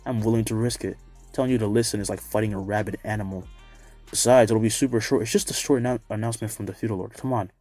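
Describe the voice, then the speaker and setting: A man voicing a teasing older male mentor who bosses a young hero around, in his own low, mellow voice. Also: steady tone, quick pace, soft background music, close to an everyday voice. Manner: teasing, bossy.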